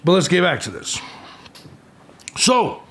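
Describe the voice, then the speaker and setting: A man's voice: sits high, huge pitch swings, slow, pushed and bright, slightly rough. A man in his forties hosting a live stream, reading viewers' comments aloud and firing back at trolls in a combative, profane way. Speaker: livestream host.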